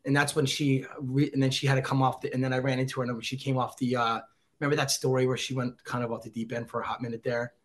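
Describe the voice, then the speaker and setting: A middle-aged man as a podcast guest, an excitable storyteller who acts out quotes in casual chat. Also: medium pitch, quick pace. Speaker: podcast guest, former celebrity reporter.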